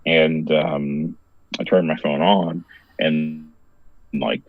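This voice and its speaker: A man's voice: a bass voice, steady tone, very slow, no room sound, narrow, tinny audio. A man, a comic book creator being interviewed, telling a story in a rambling casual way with lots of filler words. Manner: rambling, heavy use of "like" fillers, laughs often.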